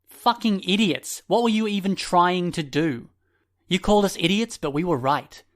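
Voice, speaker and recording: A man playing a bitter teenage boy with glasses, scornful and accusing, pushing his voice a little higher than the narration. An audiobook character who sneers, lectures and asks pointed questions. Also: little pitch movement, normal speed, fairly bright tone, clear, resonant tone, lightly acted.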